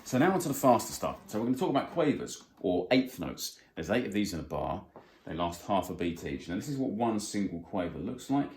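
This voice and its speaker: A man teaching a guitar music theory lesson, explaining plainly and counting beats out loud. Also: lowish voice, big pitch swings, fairly quick, slight background noise. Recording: roomy sound with faint guitar.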